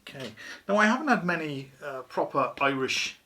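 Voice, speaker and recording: A man's voice: a little high, very animated, normal speed, sharp tone. A man hosting a casual beer review vlog, chatty and wry, poking fun at himself. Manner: chatty, wry, self-deprecating.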